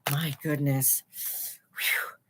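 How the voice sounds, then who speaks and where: A woman's voice: low-pitched, drawn-out words, slight background noise. A woman teaching children as she reads a picture book aloud, explaining words and gasping and exclaiming at the pictures. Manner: animated, explains terms, gasps and exclaims at pictures.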